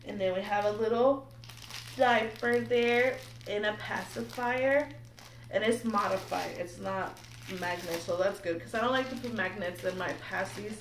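A young woman chatting excitedly to camera while unboxing something at home, nervous and giggly. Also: medium pitch, unhurried. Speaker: vlogger. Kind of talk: casual unboxing chat to camera. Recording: echoey room, mic a bit distant, faint background noise.

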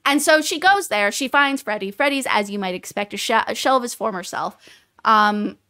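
A woman co-hosting a book podcast, recapping the plot in a rambling, animated way with lots of fillers. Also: mid-range voice, normal speed, smooth. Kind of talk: casual book discussion.

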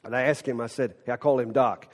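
A male pastor preaching a lively, conversational sermon and speaking directly to his congregation. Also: medium pitch, a little fast. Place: church sanctuary. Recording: reverberant church hall.

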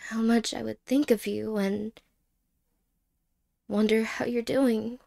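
A woman voicing an apologetic young ex-girlfriend in a whispered role-play, speaking haltingly and softly and slipping into whispers. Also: on the high side, little pitch movement, vocal fry. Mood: tender. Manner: halting, hesitant, soft-spoken with whispered words.

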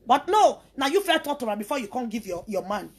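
A woman's voice: fairly high pitch, sing-song, fast talker, husky. A woman from Nigeria with a Nigerian Pidgin English accent, delivering a heated, scolding rant full of repetitions. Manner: heated, scolding, repeats herself. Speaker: social media personality. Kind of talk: angry ranting monologue.

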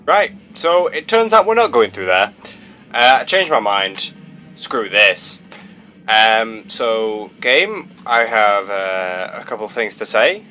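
A man's voice: fairly low pitch, lively intonation, takes it slowly, pushed and bright. A frightened young man playing a horror game and commenting, jumpy and swearing, with faint game music behind. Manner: jumpy, swearing, rambling and sing-song. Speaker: gaming video host. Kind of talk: let's play commentary.

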